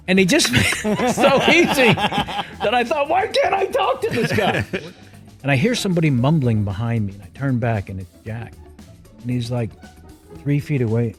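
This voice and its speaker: A man telling a relaxed anecdote in an interview, slipping into impressions. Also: a little high, moderate pace, pauses often, soft background music. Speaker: guest. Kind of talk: interview storytelling.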